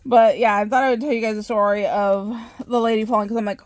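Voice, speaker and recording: A woman hosting a craft channel, telling a story in a chatty, animated way with frequent laughs and filler words. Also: mid-range voice, quick pace, hardly any pauses, dry recording. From Southern California. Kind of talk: casual storytelling vlog.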